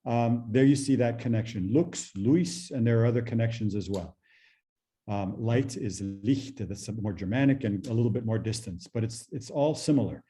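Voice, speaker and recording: A man teaching a language class over a video call, patient and explaining slowly with many fillers. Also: mid-range voice, warm tone.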